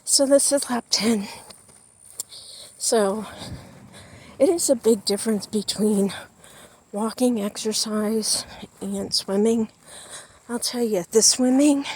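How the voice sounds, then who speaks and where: A woman's voice: mid-range voice, slow, long pauses, a little mellow, breathy edge. Breathless woman chatting while walking. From United States. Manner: chatty, folksy, talks to viewers as y'all. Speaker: vlogger. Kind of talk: casual vlog chat while walking. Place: outdoors in a backyard.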